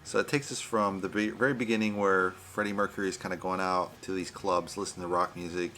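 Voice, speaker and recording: A man's voice: low-pitched, fairly even intonation, quick pace, sharp tone. A man giving a casual, rambling movie review on his vlog, often saying "you know" and "right".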